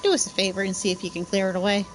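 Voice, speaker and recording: A woman's voice: mid-range voice, little pitch movement, slight background noise, natural voice, low-quality recording. A woman voicing a brash, bossy young girl with cockney slang who orders people around. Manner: brisk, commanding, working-class slang.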